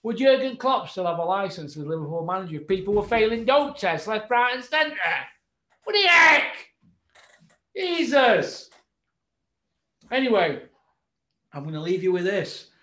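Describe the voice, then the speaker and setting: A high-voiced man rants about the sport in a roomy, echoing space. He fires off mocking rhetorical questions, drops to a grumbling mutter and then bursts into shouting. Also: big pitch swings, moderate pace. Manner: swings from muttering low to shouting. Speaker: boxing channel host. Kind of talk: ranting commentary to camera. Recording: roomy echo.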